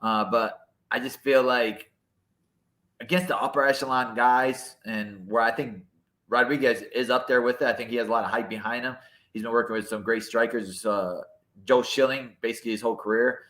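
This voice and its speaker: A man with a bright, forceful voice gives laid-back fight breakdowns on a casual podcast. His voice sounds in an echoey room. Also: mid-range voice, steady tone, normal speed.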